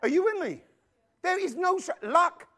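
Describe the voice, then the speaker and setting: A man preaching a sermon, emphatic and animated, throwing rhetorical questions at his congregation. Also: very high-pitched, normal speed.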